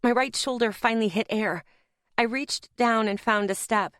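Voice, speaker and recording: A woman's voice: a little high, moderate pace, fairly bright tone, no room sound. Tense woman audiobook narrator, dry sound. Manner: tense, dramatic storytelling. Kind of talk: first-person audiobook narration.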